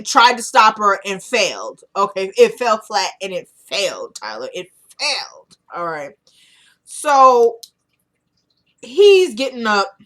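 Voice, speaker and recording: A woman's voice: on the high side, fairly bright tone. A woman casually recapping a TV drama episode, animatedly acting out the characters' lines as she tells it. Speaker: TV episode reviewer.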